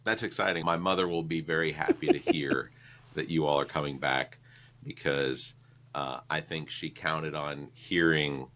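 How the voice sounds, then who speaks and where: A man's voice: rumbling low, steady tone, unhurried, fairly bright tone. A man hosting a podcast, chatting casually and egging on a joke with amused remarks. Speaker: podcast host. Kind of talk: casual chat.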